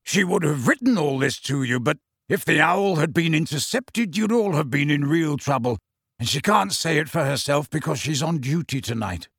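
A man's voice: on the high side, expressive, moderate pace, creaky, fairly bright tone, breathy edge, dry recording, studio quality, exaggerated voice. A man voicing Sirius, a bold teasing wizard. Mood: wry. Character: bold, wry adult wizard, male, proud and reckless.

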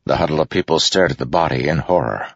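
A man reading a fantasy novel aloud in a measured, grave narration. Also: a bass voice, vocal fry, husky, no echo. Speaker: audiobook narrator. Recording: dull lo-fi audiobook recording.

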